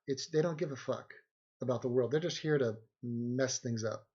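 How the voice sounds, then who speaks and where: Male streamer, husky voice, rambling jokey delivery, muffled lo-fi audio. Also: mid-range voice, normal speed, a little mellow. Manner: rambling, joking, reads viewer comments aloud. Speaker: livestream host. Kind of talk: casual livestream chat.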